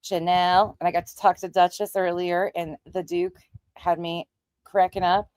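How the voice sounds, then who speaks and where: Woman livestream host: low voice, chatty and blunt, dry close mic. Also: flat delivery, normal speed, darkish tone, clear, resonant tone, no room sound. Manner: chatty, greets viewers by name; blunt, swears casually. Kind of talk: casual livestream chat.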